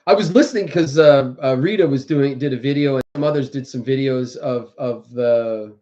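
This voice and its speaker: A livestream host rambles casually through political commentary, restarting often and mocking others with exaggerated quoted voices. His voice is medium-pitched, mellow, and moderately paced. The audio is dull and lo-fi.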